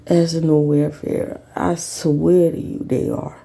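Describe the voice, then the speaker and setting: A woman rants bluntly and profanely in YouTube commentary. Her voice is gravelly and mellow, and its pitch swings widely between low mutters and sharp high bursts. She records at home, with faint noise behind her. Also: wildly swooping pitch, unhurried. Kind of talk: ranting commentary.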